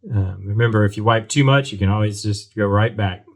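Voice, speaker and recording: Speaking briskly in a fairly low voice, a man narrates his model kit build at his home workbench. It's casual tutorial talk, full of ums and restarts as he thinks out loud.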